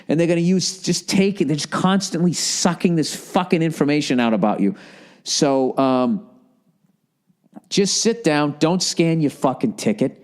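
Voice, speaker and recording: A man's voice: a little high, animated, moderate pace, a little mellow. Ranting, profane middle-aged man. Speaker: podcast host. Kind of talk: casual comedic monologue.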